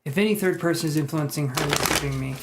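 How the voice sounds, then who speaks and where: Soft-spoken man giving a live tarot reading. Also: fairly high pitch, fast, a little hiss or hum. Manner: relaxed, thinking aloud, soft-spoken. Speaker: tarot reader. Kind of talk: live-stream tarot reading, reading chat aloud.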